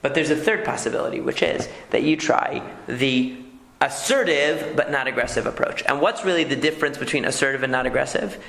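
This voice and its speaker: A man's voice: mid-range voice, a little fast, gravelly, a bit bright, a little hiss or hum. A man, a rabbi, giving a conversational lecture and checking in with "okay?" as he teaches. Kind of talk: lecture on marriage communication. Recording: echoey room.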